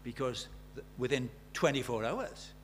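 A man's voice: medium pitch, animated, moderate pace, slight background noise. A man preaching a sermon, emphatic, repeating key phrases and asking the listeners rhetorical questions.

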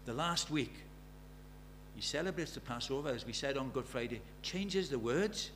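A man's voice: mid-range voice, animated, normal speed, a bit bright, slight background noise. A man preaching a sermon, emphatic, repeating key phrases and asking the listeners rhetorical questions.

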